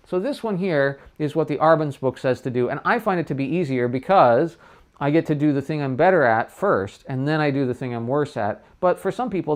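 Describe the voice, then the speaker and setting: A middle-aged man, his voice medium in pitch, gives a relaxed livestream trumpet lesson on tonguing. He talks casually and voices the syllables aloud as he explains.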